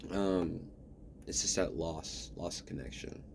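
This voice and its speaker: A man's voice: low voice, a little slow, vocal fry, a little hiss or hum. A man talking in a casual vlog, rambling and ranting with a lot of swearing. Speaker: vlogger.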